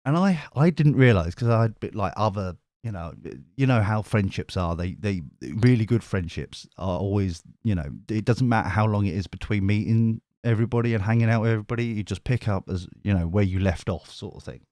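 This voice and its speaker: A man's voice: fairly low pitch, brisk, few pauses, darkish tone, dry recording, studio quality. A middle-aged man telling a rambling story on a live stream, full of restarts and casual swearing. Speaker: tarot reader and live streamer.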